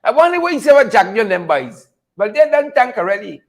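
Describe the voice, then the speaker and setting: A Guyanese man hosts a loose political talk show, his voice pitched very high for a man. He talks in repetitive, chuckling riffs and keeps calling out his viewers by name. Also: big pitch swings, fast talker. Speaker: host of a political commentary show. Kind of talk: casual live commentary reading viewer names.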